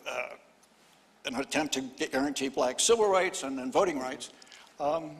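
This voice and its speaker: An older man on a panel, telling a history story in halting, wry phrases full of restarts. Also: a little high. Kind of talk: panel discussion. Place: event hall, live panel. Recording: long reverb of a lecture hall.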